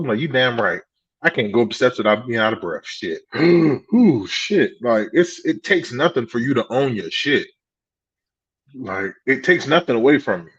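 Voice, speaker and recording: Animated man telling stories on a podcast. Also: mid-range voice, normal speed, husky, dry recording, dull audio. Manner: animated storytelling, swearing, laughing at himself. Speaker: podcast co-host. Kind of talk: casual podcast chat.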